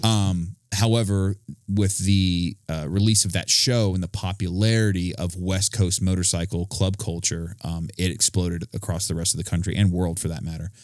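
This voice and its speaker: A man's voice: deep voice, steady tone, normal speed, no echo, studio quality. A man co-hosting a podcast in casual, profane chat, telling long rambling stories full of fillers. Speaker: podcast co-host.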